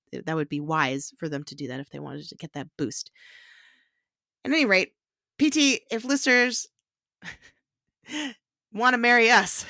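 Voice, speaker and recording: A woman hosting a casual film podcast, chatty and quick to laugh, with fillers and restarts. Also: on the low side, creaky, fairly bright tone, no echo, studio quality. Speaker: podcast host.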